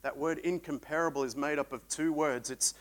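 A man preaching a sermon, swinging between loud emphatic peaks and quiet reflective stretches. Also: on the high side, fairly even intonation, fairly quick.

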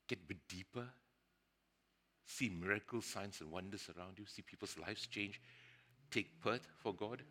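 A man's voice: lowish voice, bright, forceful tone. A man preaching a sermon in an earnest way, building to emphatic bursts.

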